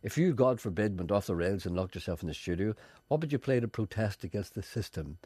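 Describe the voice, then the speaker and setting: A man spinning yarns on the radio, his low, husky voice leaping up and down as he plays out every character. The sound is close and dry, with no room around it. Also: fast, dry recording. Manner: animated, acts out voices in anecdotes. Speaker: radio presenter. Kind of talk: chatty radio storytelling.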